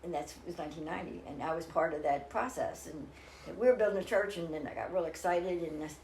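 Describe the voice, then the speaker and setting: A woman's voice: sits low, quick pace, noisy background. An older woman speaking as an interview guest, telling a personal story in an earnest, rambling way with many restarts. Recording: roomy echo.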